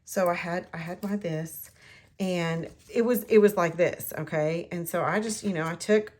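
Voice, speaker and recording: A woman's voice: on the low side, normal speed, a little mellow. Chatty woman crafting. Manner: chatty, rambling, talks to herself while working. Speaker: craft demonstrator. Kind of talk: casual card-making tutorial.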